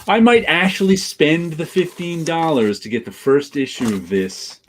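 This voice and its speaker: A man co-hosting a casual podcast, talking about comics in a loose, rambling way. His pitch swings up and down a great deal as he tries phrases out loud, repeating them to hear how they sound. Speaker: podcast co-host.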